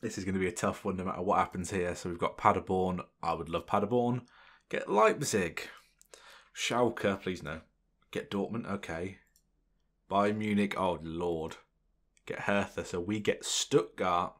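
A young man commentating his football management game, excitable and exclaiming when things go his way. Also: low voice, moderate pace. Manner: excitable, swearing mildly in exclamations. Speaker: gaming channel host. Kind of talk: gameplay commentary.

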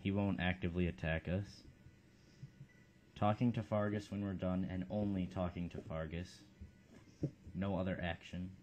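A man's voice: low-pitched, fairly even intonation, moderate pace, pauses often, a little mellow, a little hiss or hum. A man hosting a video game let's play, talking through his playthrough in a laid-back, offhand way. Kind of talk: casual game commentary.

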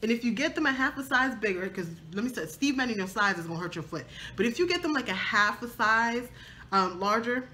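Bright-voiced chatty woman vlogger. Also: a little high, brisk, slight background noise. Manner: animated, chatty, acts out arguments with her husband in playful voices. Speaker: fashion vlogger. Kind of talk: casual thrift haul chat.

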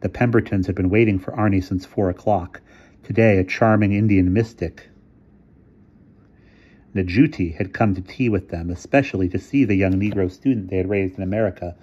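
A man reading a short story aloud in measured narration. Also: low voice, mellow, slightly rough, muffled recording. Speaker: reader. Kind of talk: scripted narration.

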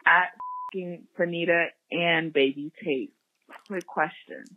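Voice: mid-range voice, steady tone, takes it slowly, no echo. A caller phoning in to a podcast, gushing and swearing in a rowdy way. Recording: husky tinny phone line.

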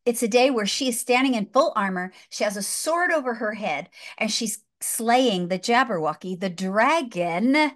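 Excited woman retelling a film as a sermon. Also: a little high, normal speed, hardly any pauses. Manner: excited, emphatic, repeats herself. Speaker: guest. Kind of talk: animated storytelling in a faith talk.

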